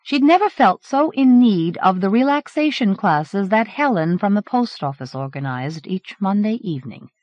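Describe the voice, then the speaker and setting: A woman's voice: medium pitch, normal speed, hardly any pauses, no echo. A woman narrating a horror novel as an audiobook, from a dull 1980s cassette recording. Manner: expressive storytelling. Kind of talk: scripted narration.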